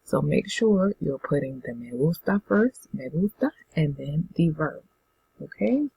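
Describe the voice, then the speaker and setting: Woman, patient language teacher, dark mellow tone, unhurried drilling delivery. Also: low voice, expressive, gravelly, slightly rough, poor audio. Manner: patient, drills words for students to repeat. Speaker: Spanish teacher. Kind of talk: classroom language lesson.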